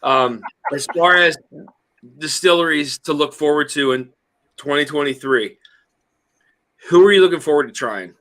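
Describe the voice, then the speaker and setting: A man with a bright, forceful tone hosts a relaxed group conversation. He rambles, restarts sentences and stacks up fillers as he thinks aloud. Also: a little high, normal speed, pauses often. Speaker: host of a whiskey review livestream. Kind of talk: casual group chat.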